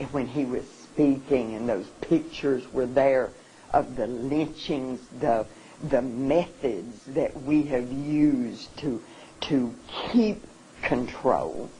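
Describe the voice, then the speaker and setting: Slow, halting, emotional seminar speaker. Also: medium pitch, darkish tone, slight background noise, poor audio. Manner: halting and earnest, often restarting; openly emotional. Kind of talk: emotional public talk. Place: seminar room.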